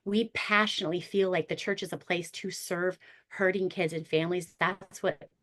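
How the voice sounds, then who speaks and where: Woman, therapist, slightly low voice, earnest, animated storyteller, panel talk. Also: moderate pace. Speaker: therapist and ministry workshop leader. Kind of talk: panel discussion.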